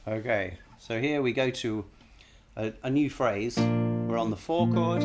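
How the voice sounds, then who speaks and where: A man's voice: medium pitch, unhurried, over loud music. A man analyzing a song on a live stream, casually singing short bits of melody to show the notes and often stopping to correct himself.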